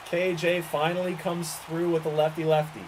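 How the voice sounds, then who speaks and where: A man's voice: a little high, little pitch movement, normal speed, background noise. A man calling a baseball video game play by play, exasperated and swearing as his team loses. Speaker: gaming streamer calling the game.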